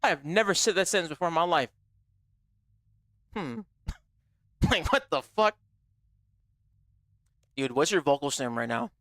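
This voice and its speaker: A man with a high, bright, forceful voice running a live gaming stream. He talks straight to his chat in a brash, profane, joking way. The sound is dry and close, with no room around it. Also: animated, measured pace, long pauses, dry recording. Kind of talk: casual livestream chatter.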